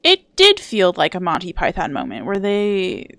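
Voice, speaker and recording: A woman's voice: lowish voice, wildly swooping pitch, moderate pace, a bit bright, dry recording. A young woman streaming a game, chatting playfully with her viewers and reading their messages. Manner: chatty and playful, reads and answers chat. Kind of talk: casual live-stream chat while gaming.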